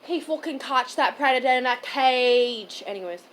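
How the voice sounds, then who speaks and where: A young woman co-hosting a casual podcast chat, blunt and profane, swinging from loud outbursts to mumbled asides. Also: sits high, moderate pace. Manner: blunt, swears often, jumps between loud and mumbled. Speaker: podcast co-host.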